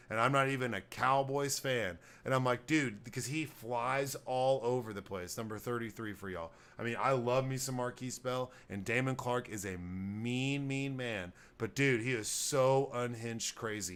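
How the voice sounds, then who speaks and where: A man's voice: mid-range voice, fairly bright tone. A man hosting a podcast, giving blunt, profane, rambling football takes in casual sports talk. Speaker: podcast host.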